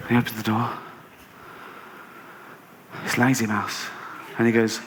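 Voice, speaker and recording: An English man performing a stand-up comedy routine on a theatre stage, telling stories deadpan and then ranting in disbelief. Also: on the low side, unhurried. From England. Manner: storytelling, deadpan then rising to incredulous rants. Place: theatre stage with a laughing audience. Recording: noisy live venue recording.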